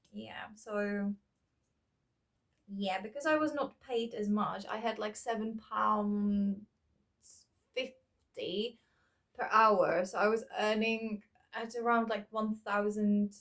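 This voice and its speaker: Slow, rambling woman thinking aloud. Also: a little high. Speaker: vlogger. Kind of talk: casual reminiscing while sorting keepsakes.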